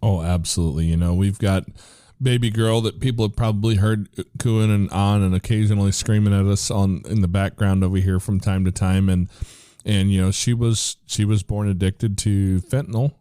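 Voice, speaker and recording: Low-voiced American man, dark tone. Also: fairly even intonation, moderate pace, smooth, no echo, studio quality. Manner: earnest, rambling, with frequent restarts. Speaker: podcast host. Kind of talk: casual conversational interview.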